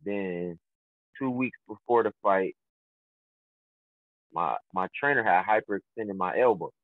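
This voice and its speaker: The guest is a young pro boxer talking loosely by phone in a casual interview, his lowish voice a little slow. Lots of fillers and false starts fill his rambling answers, and the line is tinny and dry.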